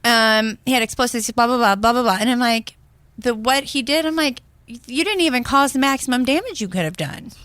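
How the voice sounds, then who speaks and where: A woman's voice: fairly high pitch, expressive, moderate pace, a bit bright, no room sound. A woman co-hosting a podcast, talking in a blunt, rambling way with lots of fillers. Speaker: podcast co-host. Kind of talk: casual opinionated chat.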